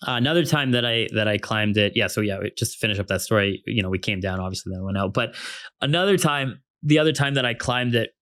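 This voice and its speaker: Excitable young man rambling about a climb. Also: lowish voice, fast talker, no room sound. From Canada. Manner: excitable, rambling, lots of fillers and restarts. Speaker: ice climber recounting a climb. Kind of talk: casual storytelling vlog.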